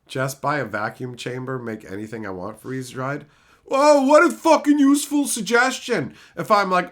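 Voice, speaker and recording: A middle-aged man ranting sarcastically at his live chat in casual, profane talk, breaking into loud mocking outbursts. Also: fairly high pitch, expressive, moderate pace. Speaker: streamer reading live chat.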